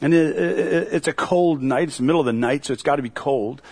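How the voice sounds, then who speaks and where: Male pastor, sermon, chatty storytelling, middle-aged, slightly high voice. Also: a little fast, darkish tone, husky. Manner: conversational storytelling with acted-out quotes.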